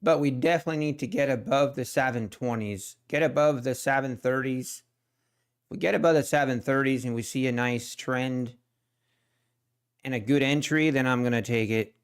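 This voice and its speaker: Man, mid pitch, casual live trading commentary, relaxed, thinks aloud. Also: moderate pace, clear, resonant tone. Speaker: day trading livestream host.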